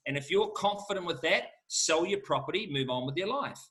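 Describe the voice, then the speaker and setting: Fired-up, bright-voiced New man. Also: a little high, animated, fairly quick. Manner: emphatic, fired-up salesman delivery. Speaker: auctioneer answering questions. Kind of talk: lively Q&A answers.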